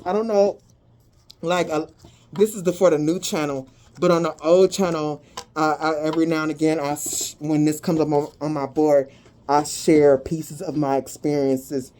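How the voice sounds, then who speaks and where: A woman giving a tarot and energy reading to her viewers, talking in an animated, slangy way and breaking into sudden whoops of excitement. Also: sits low.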